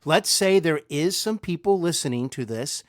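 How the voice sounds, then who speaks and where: A man's voice: fairly high pitch, lively intonation, moderate pace, no room sound, clean studio sound. A man hosting an interview, easygoing and asking leading questions. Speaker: interview host.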